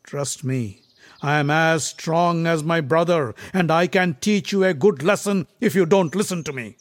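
A man voicing a mighty young prince who speaks loudly, boastfully and commandingly. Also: sits high, moderate pace, no echo, pitched above the performer's own voice, natural voice. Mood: proud, forceful. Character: mighty young prince, proud and hot-tempered.

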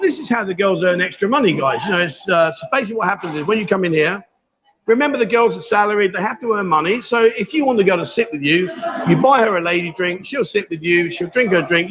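A man's voice: high-pitched, expressive, fast talker, a crowd in the background. A man hosting a livestream from a bar, chatty and teasing with his guests. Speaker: livestream host. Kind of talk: casual chat. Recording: dull lo-fi livestream audio.

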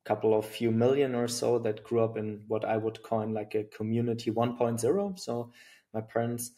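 A man's voice: mid-range voice, steady tone, moderate pace, warm tone. A middle-aged man with a German accent, talking thoughtfully as an interview guest, with many fillers and restarts. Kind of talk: reflective interview talk.

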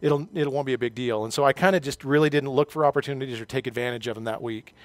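A man's voice: mid-range voice, fast, dry recording. A middle-aged male pastor preaching a sermon, telling a personal story with self-deprecating humor.

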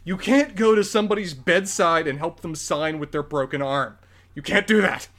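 A man's voice: on the high side, fairly bright tone. A man co-hosting a podcast, walking through a movie plot in casual, detailed review chat. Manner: detailed, explanatory, quick bursts. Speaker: podcast co-host.

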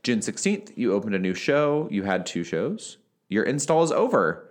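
A man's voice: lowish voice, very animated, moderate pace. A man hosting a podcast in casual chat, reading out diary entries and asking teasing, playful questions. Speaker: podcast host.

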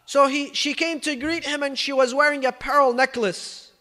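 A man with a very high, sharp voice tells a religious story in an emphatic sermon style, acting out quoted speech and mixing many Arabic phrases into his English. His intonation is fairly even and his pace moderate. A long reverb suggests a large hall.

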